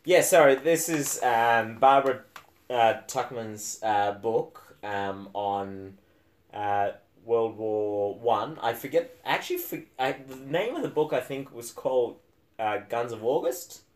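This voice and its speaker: A man's voice: medium pitch, slow. A man co-hosting a casual book podcast, talking with frequent fillers and restarts and a dry, sarcastic edge. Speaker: podcast co-host.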